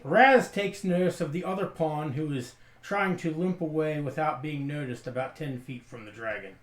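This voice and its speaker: A man with a somewhat high voice narrates a tabletop game as game master. He trips over words and restarts his lines as he goes, and the recording carries a roomy echo. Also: moderate pace. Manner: stumbling, restarting descriptions.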